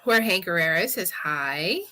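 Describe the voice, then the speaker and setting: A woman co-hosts a casual livestream. Her voice is bright and clear, and she giggles as she reads out comments from viewers. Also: lowish voice, lively intonation, takes it slowly. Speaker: co-host reading comments.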